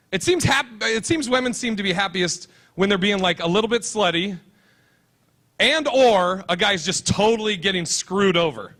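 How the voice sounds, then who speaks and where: A man's voice: sits high, bright, forceful tone. A man performing a stand-up comedy set on a convention stage, with a brash, crude and punchy delivery.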